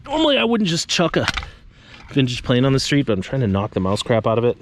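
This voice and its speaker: A man's voice: mid-range voice, huge pitch swings, fast, background noise. A man vlogging casually outdoors on a suburban street, chatting to viewers with joking asides. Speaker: trash-picking vlogger. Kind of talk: casual vlog talk to camera.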